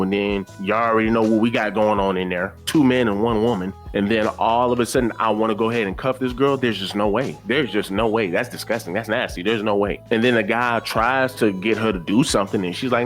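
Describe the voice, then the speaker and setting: A man's voice: on the low side, a little fast, hardly any pauses. Man, commentary host, blunt, preachy, repetitive, casual slang, faint background music. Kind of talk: reaction commentary.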